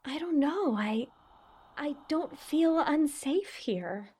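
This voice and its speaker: An actress playing a calm, curious young woman who soothes her friend in a gentle, reassuring, often hushed voice, in an audio drama. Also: sits high, takes it slowly. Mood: soothing. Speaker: voice actor.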